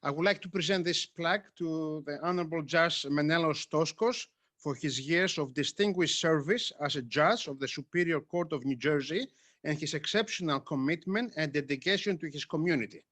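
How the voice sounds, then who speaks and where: A man's voice: fairly high pitch, moderate pace, fairly bright tone. A man, president of a society, presenting an award at a ceremony, hesitant and full of fillers.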